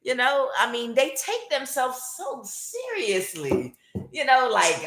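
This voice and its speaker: A woman's voice: on the high side, sing-song, measured pace, fairly bright tone, echoey room. A woman giving a casual tarot reading, mocking and scolding, with many filler uhs. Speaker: tarot reader.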